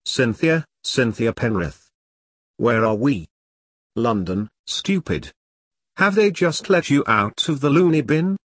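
A man's voice: medium pitch, lively intonation, slow pace, no echo. A man voicing a drugged, frightened young woman who giggles and mocks. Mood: mocking.

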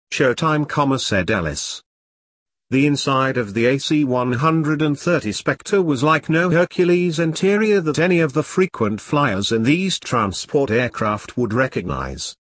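A man's voice: medium pitch, a bit bright, dry recording. Man narrating, punctuation read aloud. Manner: reads punctuation marks aloud. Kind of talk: audiobook narration.

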